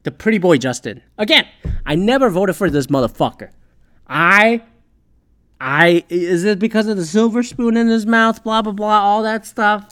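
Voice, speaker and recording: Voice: mid-range voice, normal speed, fairly bright tone. A Canadian speaker ranting about politics, swearing constantly, rambling and sarcastic. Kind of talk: profane political rant.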